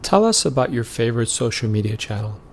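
A man's voice: mid-range voice, sing-song, fast talker, a little hiss or hum. A man hosting an interview, asking questions and agreeing with his guest in an encouraging way. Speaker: interview host. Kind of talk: casual interview talk.

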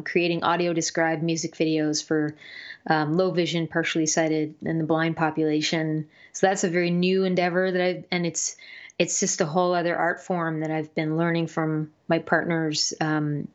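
A woman's voice: low voice, flat delivery, moderate pace, highs cut off. A woman musician being interviewed, talking casually and hesitantly with many fillers and restarts. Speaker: musician guest.

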